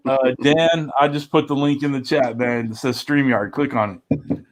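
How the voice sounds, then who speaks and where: A man's voice: mid-range voice, fairly even intonation, normal speed, crowd noise. A man hosting a casual livestream chat, loose and profane as he brings guests on. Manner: loose, swearing banter. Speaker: host.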